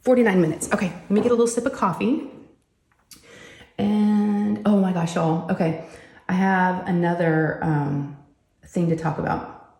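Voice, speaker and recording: A woman, chatting casually and telling animated family stories while she crafts at home. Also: lowish voice, measured pace, pauses often, reverberant. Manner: chatty, animated, says "y'all" often. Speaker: crafting vlogger and mother.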